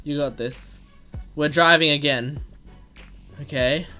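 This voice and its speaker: A man reading a text story aloud and reacting excitedly as it unfolds, gasping and exclaiming at every twist. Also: a little high, slow, soft background music. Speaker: gaming video host.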